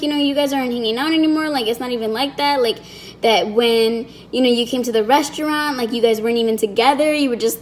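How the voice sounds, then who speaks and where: A woman's voice: sits high, a little hiss or hum. A young woman vlogger telling a personal story in a chatty way, acting out the quoted lines in other voices. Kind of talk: storytime vlog.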